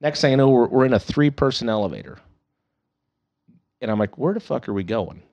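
A man's voice: mid-range voice, lively intonation, fairly quick, darkish tone. Profane laughing storyteller man. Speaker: podcast guest. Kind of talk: casual storytelling.

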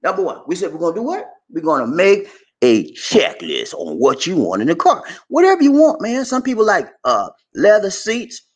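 Man, casual vlogger, slangy and playful, very lively pitch. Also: moderate pace. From USA. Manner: loose, joking, streetwise slang, laughs often. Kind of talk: casual advice monologue.

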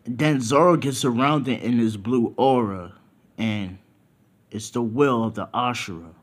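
A man's voice: medium pitch, unhurried, slightly rough. A young man casually telling a fan-fiction story, rambling with lots of fillers. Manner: rambling, filler-heavy, self-inserting.

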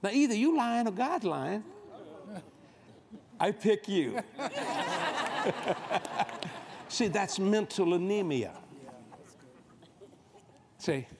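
A man's voice: high-pitched, big pitch swings, very slow, long pauses, a crowd in the background. A man preaching a humorous, folksy sermon as guest preacher at a convention, on a stage microphone. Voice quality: folksy, joking, storytelling delivery. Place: large convention hall stage.

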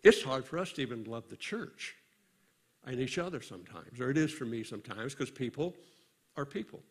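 An older man, a pastor, preaching a sermon in a conversational storytelling way, often pausing and restarting his sentences. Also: mid-range voice, expressive, husky.

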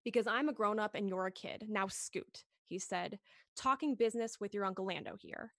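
A woman podcast host reading a story aloud in a gentle, expressive read-along style, lifting her voice for the dialogue. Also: medium pitch, moderate pace, no echo.

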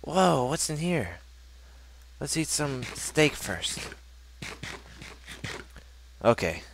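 Brief: young male let's-player, lively up-and-down pitch, joking and chatty. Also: very slow, gravelly. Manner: animated, joking, reads game text aloud. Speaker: gameplay commentator. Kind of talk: casual let's play commentary.

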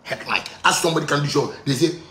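A man with a Ghanaian accent on a heated, repetitive monologue in pidgin, breaking into bursts of shouting. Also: fairly high pitch, fast talker, echoey room.

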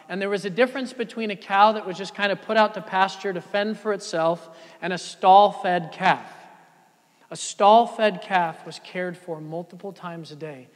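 A man preaching a sermon as pastor, swinging from loud emphatic peaks down to soft, low passages. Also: in a large hall. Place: church sanctuary.

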